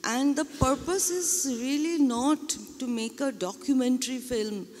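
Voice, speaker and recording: A woman filmmaker speaks slowly and haltingly, her voice a little high, and she keeps restarting her sentences. Her words ring out with a long reverb from a large hall. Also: a little mellow. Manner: hesitant, many fillers and restarts. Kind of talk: discussion at exhibition launch. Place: exhibition hall.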